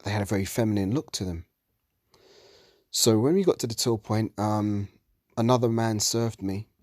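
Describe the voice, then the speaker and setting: A man's voice: lowish voice, moderate pace, darkish tone, no echo, studio quality. A man gives a heated religious commentary monologue, ranting and swearing often.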